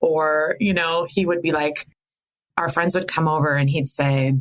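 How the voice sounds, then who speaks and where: Podcast guest, middle-aged woman, lowish pitch, frank and animated storyteller. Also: measured pace. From American Midwest. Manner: candid, animated, laughs through sadness. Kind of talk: emotional personal storytelling.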